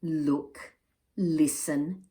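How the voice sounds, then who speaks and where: A woman reading aloud, voicing a sensible young boy who explains things slowly and carefully. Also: sits low, fairly even intonation, mellow. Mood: explaining.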